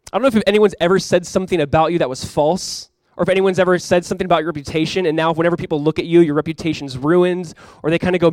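A man's voice: sits high, darkish tone, no room sound. A young man preaching a sermon as pastor, telling stories in a casual way and acting out quotes with animation.

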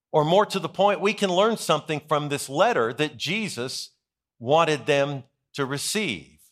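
A middle-aged man, a senior pastor, preaching a sermon in a deliberate way, dropping soft and low for stories and rising for emphasis.

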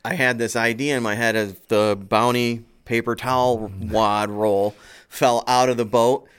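A man's voice: medium pitch, fairly even intonation, unhurried, a bit bright, clear, resonant tone. A man chatting casually, telling stories with dry humor and spinning absurd ideas. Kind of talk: casual chat, storytelling.

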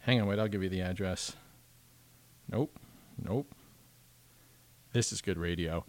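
A man's voice: sits low, measured pace, pauses often. A man co-hosting a podcast in casual, joking chat, rambling into tangents. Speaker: podcast co-host.

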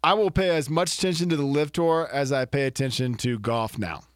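A man co-hosting a casual sports podcast, cracking wry, deadpan jokes. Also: mid-range voice, brisk, no echo, studio quality.

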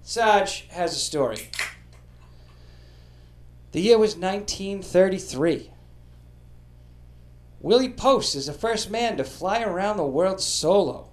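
A man's voice: high voice, animated, slow pace, pauses often. A man hosting a podcast, telling comedic history stories with a profane, joking delivery. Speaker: podcast host.

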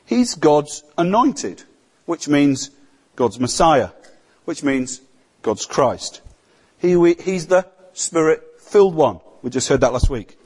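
A man preaching a sermon, his voice sitting a little higher than most men's. He talks to the congregation as if chatting, often tagging on questions like "isn't it?" to draw them in. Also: very animated, takes it slowly, darkish tone, slightly rough. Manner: conversational, rhetorical questions to the congregation.

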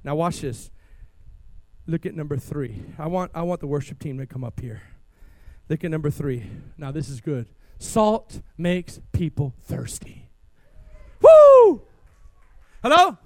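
A man preaching an energetic sermon as pastor in a church, calling on the congregation to respond. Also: a little high, normal speed, no echo.

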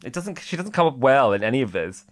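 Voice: big pitch swings, quick pace. A podcast co-host chatting casually, laughing often and restarting sentences while working out a point. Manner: giggly, swings up high, hesitant restarts. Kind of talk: casual chat.

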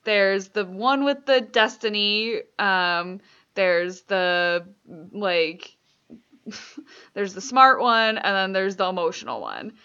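A woman co-hosting a podcast in easy, chatty conversation, often laughing and padding her talk with fillers. Her voice is bright and forward, and the recording sounds somewhat dull and lo-fi. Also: medium pitch, animated, takes it slowly, smooth. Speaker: podcast co-host. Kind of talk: casual chat.

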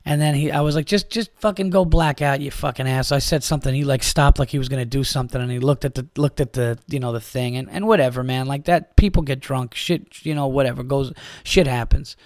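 A man who is a stand-up comedian and podcast host, telling a club story in a casual, profane, animated way and acting out the back-and-forth. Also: medium pitch, fast, dry recording, studio quality. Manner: profane, animated retelling with quoted exchanges.

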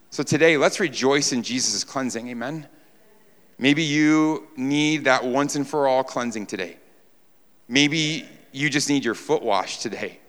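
A male preacher from New York delivers a sermon with a bright, forceful voice. He presses his points by repeating phrases and throwing out rhetorical questions. The sound rings with the long reverb of a large church hall. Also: medium pitch. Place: church sanctuary before a congregation.

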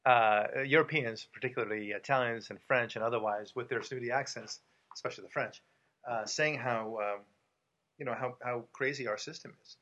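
A man's voice: mid-range voice, steady tone, fairly quick, a bit bright, muffled recording. An American man hosting a casual talk show, making his points with emphasis, repeating them and using many fillers. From United States. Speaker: podcast host and author.

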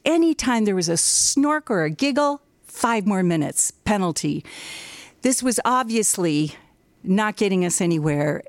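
Woman storyteller, animated delivery, sound effects, dry close sound. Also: medium pitch, normal speed, no echo. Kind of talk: told personal story on stage.

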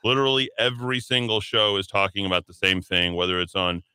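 A man's voice: fairly low pitch, little pitch movement, quick pace, bright, forceful tone, smooth, dry recording. A man hosting a talk radio show, rambling and sardonic, with many fillers and asides. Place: radio studio.

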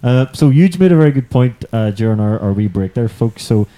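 A man's voice: medium pitch, lively intonation, fairly quick, dark tone. A man hosting a podcast in casual chat at home, rambling and laughing a lot. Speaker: podcast host. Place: indoor room, apartment.

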